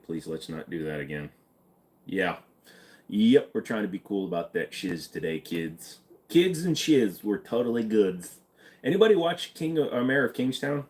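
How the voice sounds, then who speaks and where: A man's voice: deep voice, darkish tone. A man hosting a live stream, casually reading and answering chat questions in an offhand, joking way.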